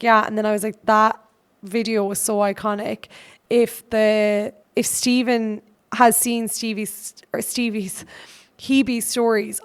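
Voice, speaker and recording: An Irish woman hosts her own podcast and tells a long personal story in casual, run-on sentences. Her voice is smooth and clear, and her pitch stays fairly level. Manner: chatty, run-on anecdote telling. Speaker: podcast host.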